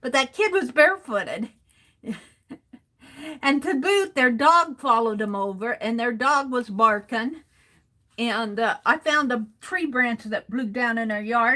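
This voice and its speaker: A woman with a fairly high, bright, forceful voice tells a neighborhood story while she crafts. She speaks slowly and rambles, with frequent soft chuckles between her sentences. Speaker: art journaling livestream host.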